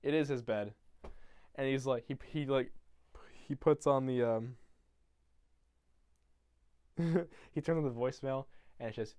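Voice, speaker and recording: A man's voice: mid-range voice, a little slow, long pauses, a little mellow, no echo, clean studio sound. A young man rambling profanely through a retelling of a film from memory, laughing as he goes. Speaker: YouTuber.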